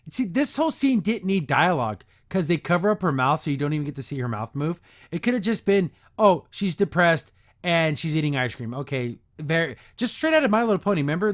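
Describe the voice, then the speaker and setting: Sarcastic male podcast host, higher voice. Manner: sarcastic, exasperated ranting. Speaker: podcast host reviewing a cartoon episode. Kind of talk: casual episode recap and reaction.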